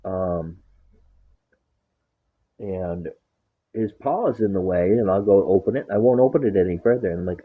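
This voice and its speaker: Speaking at a normal speed but pausing often, a man with a low, slightly rough voice tells a casual, foul-mouthed story about his dog. He acts out what he says to it, and the sound is tinny, like a phone recording.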